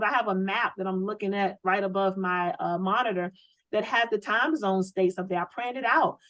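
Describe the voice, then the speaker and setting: A woman running a sales training on a video call, coaching with lively, preachy energy and lots of rhetorical questions. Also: mid-range voice, normal speed, dry recording, low-quality recording. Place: home office.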